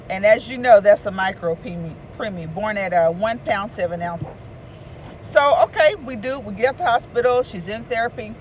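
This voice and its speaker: A woman, an author and speaker, telling a lively personal story and hollering out the voices she quotes. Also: mid-range voice, slight background noise. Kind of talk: casual storytelling.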